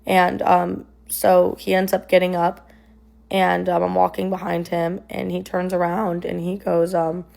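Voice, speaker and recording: A woman's voice: lowish voice, monotone, a little slow, vocal fry, a little mellow. A young woman casually recounting a personal story, rambling with lots of "like" and "um". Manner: rambling, filler-heavy retelling with many "like" and "um".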